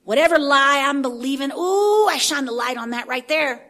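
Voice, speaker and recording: A woman preaching a sermon in an animated way, swinging from hushed asides to shouting. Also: sits high, normal speed.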